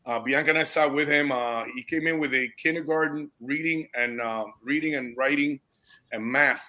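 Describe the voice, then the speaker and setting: A man, a guest and foster parent, telling a story in animated casual conversation, dropping dude and bro and getting emotionally moved. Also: mid-range voice, moderate pace.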